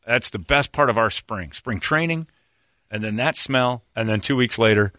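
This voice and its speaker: A man's voice: medium pitch, moderate pace, dry recording, studio quality. A man from Indiana hosting a talk show, telling stories in casual banter, laughing often and acting out the people in them. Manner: animated, laughs often, acts out the voices in his stories.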